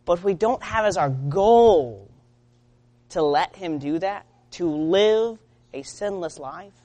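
A woman preaching a sermon in an earnest way. She moves between loud urging and quiet, low-spoken lines. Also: lively intonation, slow.

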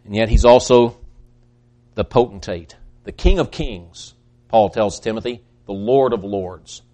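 Dynamic male preacher, loud then hushed. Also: fairly low pitch, measured pace. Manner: dynamic, swinging between loud emphatic peaks and hushed soft passages; repeats words when excited. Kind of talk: sermon.

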